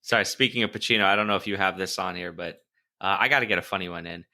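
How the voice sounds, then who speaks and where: A man co-hosting a casual film review podcast, retelling scenes in an animated way and laughing freely. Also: low voice, very fast. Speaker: podcast co-host.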